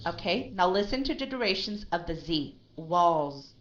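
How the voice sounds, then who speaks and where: A woman's voice: mid-range voice, animated, fairly quick, dull audio. A woman teaching English one-on-one, emphatic and always checking with "right?". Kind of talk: one-on-one language lesson.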